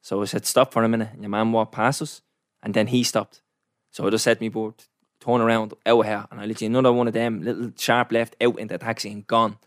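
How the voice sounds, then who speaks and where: A young man with an Irish accent rattles through a travel story at a quick clip. He talks casually and animatedly, with plenty of slang and swearing. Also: fairly low pitch, little pitch movement, dry recording, clean studio sound. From Ireland. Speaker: storyteller in a chat. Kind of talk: casual chat.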